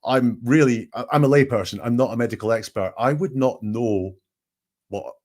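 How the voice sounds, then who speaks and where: A man's voice: medium pitch, moderate pace, a little mellow. A man hosting, analyzing a recorded call with emphatic, questioning commentary. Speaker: statement analyst host.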